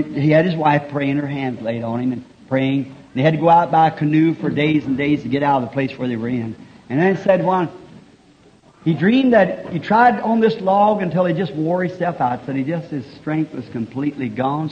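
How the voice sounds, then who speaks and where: High-voiced fervent male preacher. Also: slight background noise. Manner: fervent, builds to shouting; folksy storytelling with repeated refrains. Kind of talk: sermon. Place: church meeting. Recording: dull lo-fi early 1960s tape.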